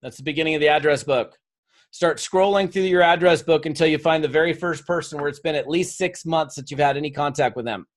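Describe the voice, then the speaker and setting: A motivational speaker with a slightly high voice talks a little fast to a live audience at a seminar. He coaxes them through an exercise and tells stories, acting out the quotes.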